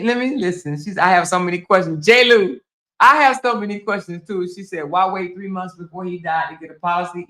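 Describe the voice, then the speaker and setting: A woman hosting a casual livestream, reading viewer comments aloud and laughing, teasing and swearing freely as she talks straight to her viewers. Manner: animated, swinging between loud exclaims and low asides. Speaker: blogger and livestream host.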